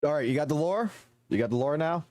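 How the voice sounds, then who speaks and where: A man's voice: fairly high pitch, expressive, quick pace, dark tone, dry recording. A male streamer talking casually and profanely while reacting to clips. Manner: offhand, profane muttering.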